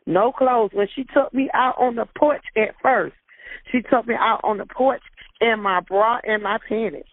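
A woman's voice: a little high, moderate pace, no echo. A woman recounting a personal ordeal in an interview, emotional, repeating herself and acting out the dialogue. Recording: tinny phone-like sound, dry.

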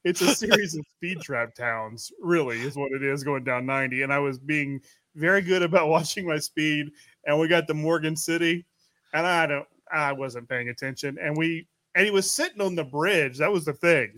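Guy rambling thru a story on a podcast, laughs a lot, kinda high voice, dry close sound. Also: normal speed, bright, forceful tone, dry recording. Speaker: podcast co-host. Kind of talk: casual chat.

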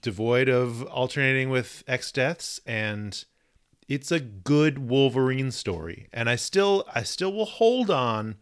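A man's voice: mid-range voice, animated, takes it slowly, clear, resonant tone. A man co-hosting a podcast in casual chat, playful and rambling, often restarting his sentences. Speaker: podcast co-host.

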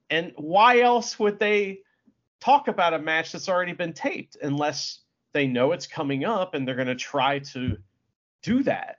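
Relaxed, chatty male co-host, slightly higher voice; muffled recording. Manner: relaxed, chatty, swears freely. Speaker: podcast co-host. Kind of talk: casual wrestling recap chat.

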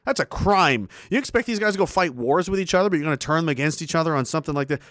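A man, streaming a profane, forceful rant and repeating himself as he builds his point. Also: a little high, lively intonation, racing, no echo, studio quality. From Canada. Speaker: livestreamer. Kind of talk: heated monologue rant on stream.

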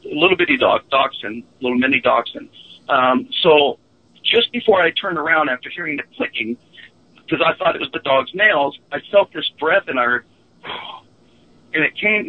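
A man guest telling an earnest, halting personal story with many fillers. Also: mid-range voice. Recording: phone line.

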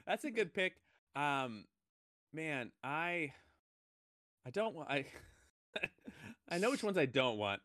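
A man's voice: fairly high pitch, very animated, slow, long pauses, fairly bright tone, no room sound, studio quality. A man hosting a casual chat, rambling and laughing, tossing in playful sound effects. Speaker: podcast host.

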